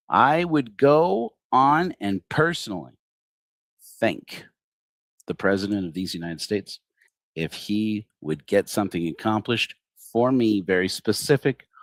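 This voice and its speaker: A middle-aged man delivers a livestreamed satirical sermon in a low voice that leaps up and down with ironic, theatrical flattery. The sound is close and dry, with no room around it. His sarcasm never lets up. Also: no room sound. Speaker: host of a secular online congregation.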